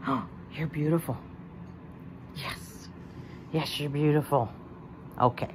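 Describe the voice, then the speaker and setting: A woman's voice: low-pitched, slow, background noise. A woman fussing over her pet guinea pig, cooing and baby-talking to it.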